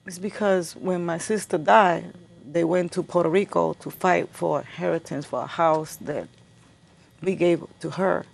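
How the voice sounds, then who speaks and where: A middle-aged woman giving a personal account as an interview guest, halting and repeating words as she remembers. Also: on the low side, fairly even intonation, vocal fry.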